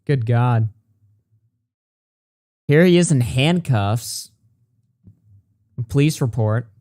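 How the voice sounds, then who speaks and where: With lively intonation and a warm, medium-pitched voice, a commentary channel host reads messages and reports aloud at speed. His reactions are blunt and full of swearing, and there's no room sound.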